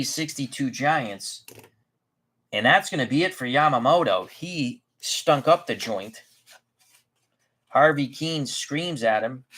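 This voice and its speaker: Slow, chatty man calling dice baseball. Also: medium pitch, pushed and bright. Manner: chatty, unhurried, self-correcting. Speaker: tabletop baseball game host. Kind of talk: play-by-play commentary of a dice baseball game.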